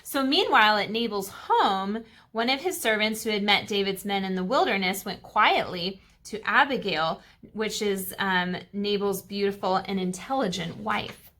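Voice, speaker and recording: A woman's voice: medium pitch, normal speed, bright, forceful tone. A woman teaching a Sabbath school lesson to kids, retelling a Bible story in a chatty way with fillers and asides.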